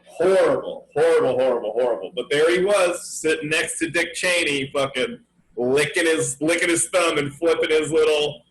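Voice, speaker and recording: A man's voice: on the high side, moderate pace, a bit bright, reverberant, a little hiss or hum, low-quality recording. A young man co-hosting a casual comedy podcast chat, laughing often and swearing casually. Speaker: podcast co-host.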